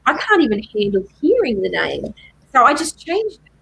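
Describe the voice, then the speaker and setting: A woman's voice: on the high side, wildly swooping pitch, moderate pace, creaky, fairly bright tone, rough recording. A middle-aged woman telling her own story as a guest, emphatic and repeating key phrases for force. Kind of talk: personal testimony in a live chat.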